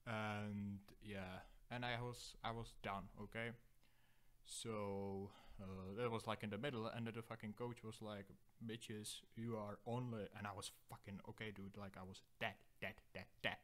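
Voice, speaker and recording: A man's voice: fairly low pitch, flat delivery, normal speed, a bit bright. A young man hosting a solo podcast, rambling through profane, self-deprecating digressions. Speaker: podcast host.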